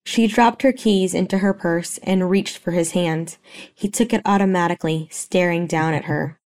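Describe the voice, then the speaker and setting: A woman narrating a romance story in a steady, even reading voice. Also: on the low side, normal speed.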